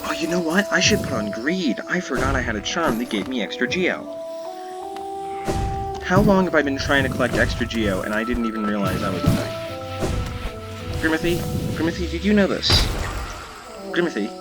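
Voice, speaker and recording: Over loud video game music, a man with a mid-range voice does playful let's play commentary, teasing and scolding his in-game companion. His pitch swings widely, his speed is normal, and he leaves long pauses.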